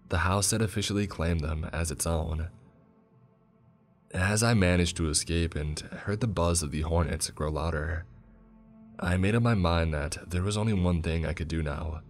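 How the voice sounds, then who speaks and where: A man narrating a horror story in a steady, grave tone. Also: sits low. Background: soft music.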